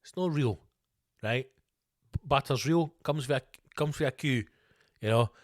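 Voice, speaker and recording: A man's voice: medium pitch, unhurried, dry recording, clean studio sound. Sweary Scottish man ranting on a podcast. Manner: sweary, animated ranting with comic put-on voices. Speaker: podcast host.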